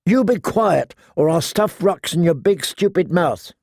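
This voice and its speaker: A man voicing a fierce, wary young girl on the run, sharp and defiant in manner. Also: high-pitched, lively intonation, a little slow, vocal fry, no room sound, clean studio sound, pitched above the performer's own voice, heavily acted.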